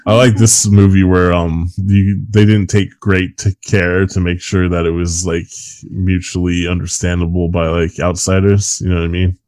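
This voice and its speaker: A man's voice: low-pitched, flat delivery, normal speed, darkish tone. A man co-hosting a podcast who chats casually and rambles, swearing often and laughing at his own points. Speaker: podcast co-host. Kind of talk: casual chat about a film.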